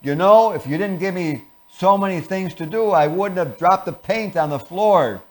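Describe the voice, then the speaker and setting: A man voicing an irritated spouse who complains loudly about the household. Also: high voice, moderate pace, natural voice. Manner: loud, complaining.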